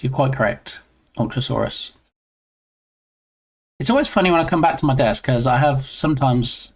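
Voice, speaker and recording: A man streaming live while he works on his game, chatting casually and answering viewers in a self-deprecating way. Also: mid-range voice.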